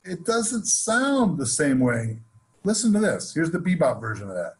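A man teaching jazz improvisation in a relaxed, conversational way, counting off beats between demonstrations. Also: on the high side, normal speed, slightly rough, poor audio. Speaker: jazz music instructor. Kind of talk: explaining and demonstrating on instrument. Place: home studio, online session.

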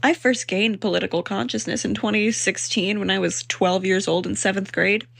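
A woman of twenty-one ranting in distress to camera, with a husky, gravelly voice. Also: mid-range voice, steady tone, moderate pace, a bit bright, no echo. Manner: crying and laughing, distraught. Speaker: reaction clip poster. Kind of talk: emotional rant to camera.

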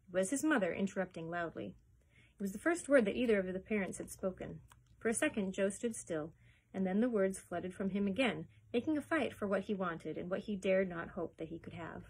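A woman librarian reading a children's chapter book aloud in a steady, expressive storytelling voice. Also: mid-range voice, brisk, slightly rough, rough recording.

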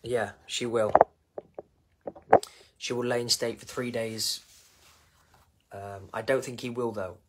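A man's voice: mid-range voice, fairly even intonation, takes it slowly, long pauses, heavy background noise. A man from England with an English accent, talking casually and emotionally on a live stream, rambling and repeating himself.

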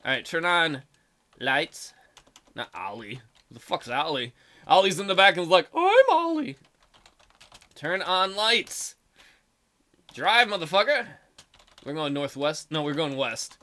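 Man, high voice, bright tone, casual crude game commentary, keys clacking behind. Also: animated, moderate pace. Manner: joking, crude, reads game text aloud. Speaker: gaming video host. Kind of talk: casual let's play commentary.

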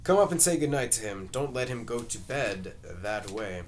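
Gentle worried wife and mother, soft pleading lines, read by a man in a play read-through. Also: mid-range voice, moderate pace, a little hiss or hum, natural voice.

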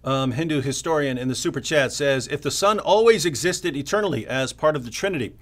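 This co-host of a casual live stream has a slightly high voice and talks a little fast. He tells lively stories, taking on other people's lines and impersonating his opponents.

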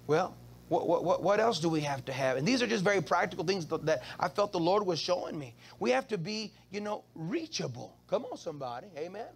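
A male pastor with a high, sing-song voice and some vocal fry preaches briskly in church. He calls out to the congregation in call-and-response style, stammering and repeating words as he goes.

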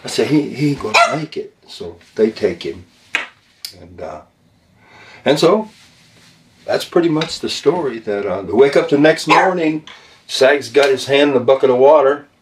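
A man's voice: mid-range voice, lively intonation, unhurried, pauses often, slight background noise. A man casually telling a story as an interview guest, loose and laughing.

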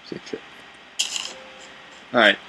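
A young man giving let's play commentary, excitable and swearing, talking back to game characters. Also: takes it slowly, noisy background. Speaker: gamer.

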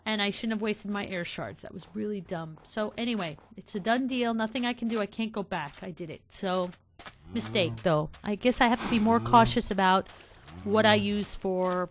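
A woman hosting a game let's play, chatting casually to her viewers and getting excited easily. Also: medium pitch, slight background noise. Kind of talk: casual gameplay commentary.

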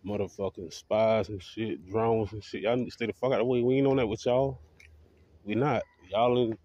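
A man's voice: lowish voice, darkish tone. A man vlogging in a confrontational, repetitive rant full of swearing. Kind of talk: profane ranting monologue. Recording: dull lo-fi audio.

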